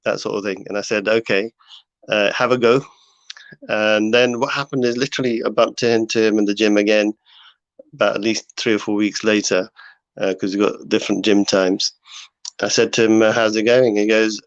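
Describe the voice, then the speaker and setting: A man's voice: lowish voice, level tone, fairly quick, no room sound. A man hosting a casual live talk to his viewers, rambling with many fillers and restarts. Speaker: host. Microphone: home setup. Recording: dull lo-fi sound.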